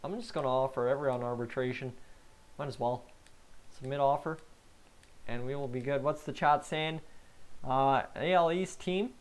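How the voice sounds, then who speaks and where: A man's voice: medium pitch, moderate pace, long pauses, clean tone. Chatty man streaming a sports game. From Canada. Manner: casual, chatty, talks to his live chat, grows excitable and loud. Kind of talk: live-streamed gameplay commentary.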